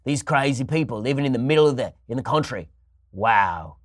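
A man's voice: mid-range voice, expressive, brisk, no echo, studio quality, lightly acted. A man putting on a mocking reporter voice with a fake Australian accent, gawking at the locals. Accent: put-on Australian.

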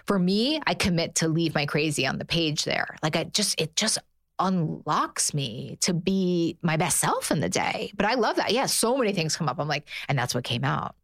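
A middle-aged woman with a fairly low voice talks earnestly as a therapist on a podcast. She is lively and animated, often acting out the things her inner voice says. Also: normal speed. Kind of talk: casual chat.

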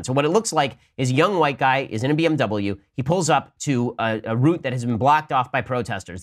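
A male podcast host in the middle of his range, talking politics at a rapid clip. His delivery is argumentative and pointed, with the pitch climbing whenever he presses a point. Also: a bit bright. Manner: rapid-fire, argumentative, rising emphatic pitch when making a point. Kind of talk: fast political commentary.

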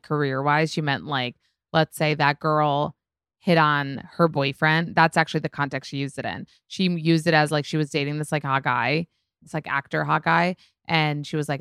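A woman's voice: low voice, fairly bright tone, clean tone, no room sound, studio quality. A young woman with an Israeli accent, a native Hebrew speaker, hosting a solo podcast in a casual, swearing, "like"-filled chat. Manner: chatty, swearing, heavy use of "like". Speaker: podcast host.

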